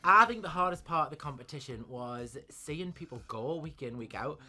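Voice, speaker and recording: A man's voice: on the high side, animated, normal speed, pushed and bright. A man who performs in drag, talking casually in an interview and gushing about his castmates. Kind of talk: casual chat.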